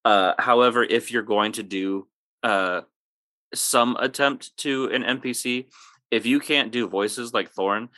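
A man's voice: medium pitch, a little slow, dry recording, clean studio sound. A man who runs tabletop games, chatting casually on a podcast and giving advice, rambling along with lots of fillers. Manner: relaxed, rambling with many fillers. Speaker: game master.

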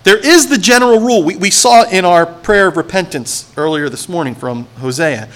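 A man's voice: sits high, expressive, fairly quick, a bit bright. A man preaching a sermon, who reads scripture aloud, acts out its characters with sarcasm and asks the congregation for responses. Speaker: pastor.

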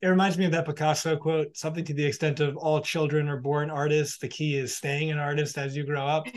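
Level in tone and on the high side, a male podcast host talks briskly while musing on a guest's story. The reflection is casual and loosely phrased, packed with filler words.

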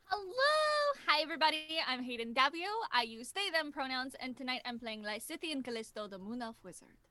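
A bubbly woman introduces herself as a tabletop player with lots of energy. Her voice is high, bright and bouncing over a wide range. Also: very animated, brisk.

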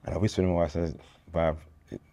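Deep-voiced man. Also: level tone, very fast, warm tone. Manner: street slang, storytelling, acts out dialogue. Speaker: interview guest. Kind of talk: candid faith testimony.

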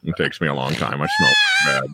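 A man guesting on a podcast, goofy and quick to laugh, trading jokes in casual banter. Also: rumbling low, huge pitch swings, very noisy. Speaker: podcast guest, band member. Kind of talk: joking banter.

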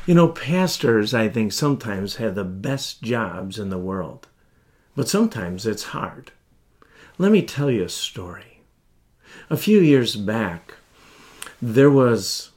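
Slow, earnest male pastor preaching. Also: fairly low pitch, darkish tone. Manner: slow, earnest, heartfelt delivery with deliberate pauses. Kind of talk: sermon.

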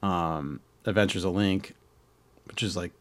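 Casual male podcast host, lowish voice, dry close sound, rambling and profane with constant fillers. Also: a little slow, dry recording. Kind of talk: casual nostalgic chat.

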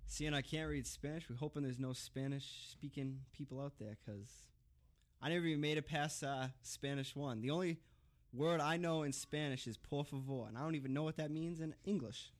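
A young man co-hosting a college radio show, quick and sheepish, dryly making excuses. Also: fairly high pitch. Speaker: radio co-host. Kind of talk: casual on-air banter.

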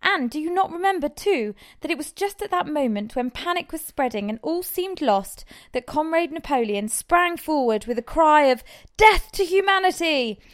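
A woman's voice: sits high, expressive, normal speed, hardly any pauses. A woman voicing a sly pig propagandist. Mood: insistent. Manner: insistent, wheedling, emphatic.

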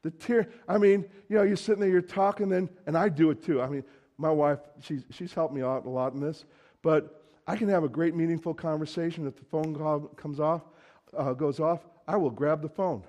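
A man's voice: fairly high pitch, normal speed, a little mellow. A man preaching a sermon in a conversational, emphatic way, acting out quoted lines.

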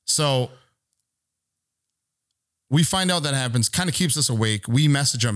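A man with an ordinary mid-pitched voice tells a long story on a podcast, rambling and swearing as he goes. He slips into quick voices for the people he quotes. The sound is dry and close to the mic. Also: lively intonation, a bit bright, no echo. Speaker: podcast co-host. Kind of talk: casual storytelling.

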